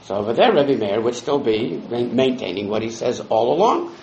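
A man's voice: medium pitch, big pitch swings, fairly quick, darkish tone, echoey room, dull audio, a little hiss or hum. A man leading a Talmud study class, explaining the text step by step and quoting Hebrew and Aramaic phrases. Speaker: Talmud teacher.

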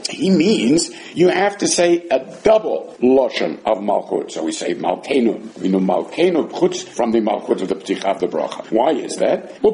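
Male Talmud teacher, animated, slightly high voice, chatty. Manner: animated, acts out dialogue, frequent restarts. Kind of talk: Talmud class, casual explanation.

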